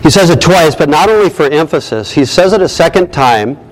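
A man's voice: on the high side, lively intonation, brisk, poor audio. A man preaching a sermon as pastor, emphatic, repeating key phrases and asking rhetorical questions.

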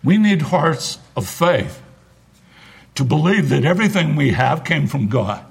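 Male pastor preaching, high lively voice, gravelly and husky, slow and punchy. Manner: preaching with emphatic rising repetitions and asides. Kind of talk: sermon.

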